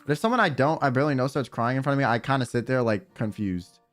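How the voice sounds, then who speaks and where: A man's voice: mid-range voice, fast, faint music behind. A man streaming and chatting casually, rambling with lots of fillers and swearing. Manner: rambling, profane, trails off with fillers. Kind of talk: casual livestream chat.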